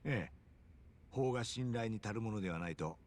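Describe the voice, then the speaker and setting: A scheming middle-aged male convict from a video game, voiced by a man, speaking politely and coolly. His voice is low-pitched and his delivery quick. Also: close to an everyday voice.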